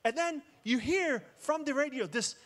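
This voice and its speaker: High-voiced man telling jokes on stage. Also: animated, normal speed, fairly bright tone. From Israel. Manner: jokey, dramatic storytelling. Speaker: conference speaker. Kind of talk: keynote talk. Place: outdoor festival main stage.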